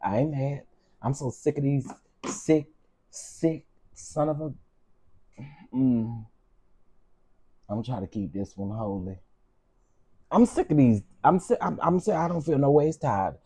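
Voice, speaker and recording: A man's voice: medium pitch, expressive, a little slow, long pauses, dark tone, slightly rough. A man hosting his own channel, telling personal stories with frank, heated, preacher-like repetition. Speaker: channel host. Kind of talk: emotional storytime commentary.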